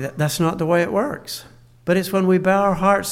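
An older man preaching a sermon in a folksy way, repeating his phrases and swinging between soft and loud. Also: sits high, very animated, normal speed.

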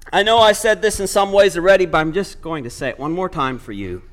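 A man's voice: high-pitched, fast, few pauses, fairly bright tone. A man preaching a sermon, retelling a story with quoted speech and building to emphatic points.

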